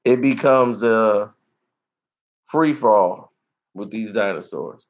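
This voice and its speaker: Man reviewer, unhurried, lively and laughing, slightly muffled lo-fi sound. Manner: animated, laughs often, acts out scenes in high squeals. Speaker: movie reviewer. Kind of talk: casual movie review.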